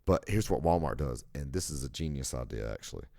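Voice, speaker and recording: A man's voice: extremely low pitch, expressive, brisk, creaky, warm tone, dry recording, studio quality. A young American man hosting a podcast alone, rambling and ranting with heavy profanity. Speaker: podcast host. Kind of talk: casual solo monologue.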